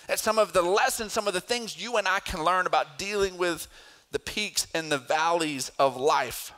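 A middle-aged pastor preaching a sermon, telling a family story and then building to emphatic exhortation. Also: male voice, a little high, pushed and bright.

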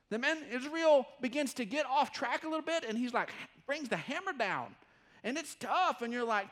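A man preaching a church sermon, telling stories with animated acted-out quotes. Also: extremely high pitch, normal speed. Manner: animated storytelling, acting out quoted voices. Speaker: pastor.

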